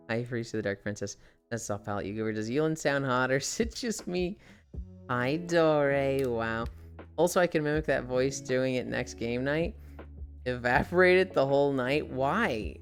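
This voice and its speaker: Low-voiced nasal woman streamer, sarcastic. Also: expressive, normal speed, smooth, soft background music. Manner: sarcastic and swearing, chatting to viewers. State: sick. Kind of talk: casual live-stream chat.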